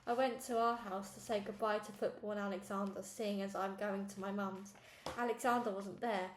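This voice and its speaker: Mujer leyendo un cuento en sala con eco. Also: female voice, mid-range voice, steady tone, normal speed. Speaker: reader. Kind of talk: first-person storybook read-along. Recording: echoey room, faint noise.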